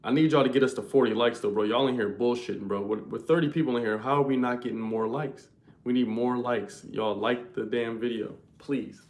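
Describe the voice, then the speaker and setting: A young man hosts a casual livestream, talking to his viewers in loose, slangy language. His voice sits at an ordinary middle pitch. He speaks as if the chat were in the room with him. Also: fairly even intonation, brisk, a little mellow, roomy sound. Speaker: livestream host.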